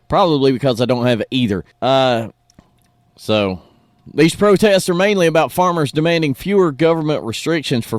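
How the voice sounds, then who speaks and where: A folksy man with a drawl hosts a morning radio show, his pitch swinging up and down with lively energy. He speaks close and dry in a studio, opinionated and chatty. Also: no room sound. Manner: folksy, animated, opinionated, says "y'all".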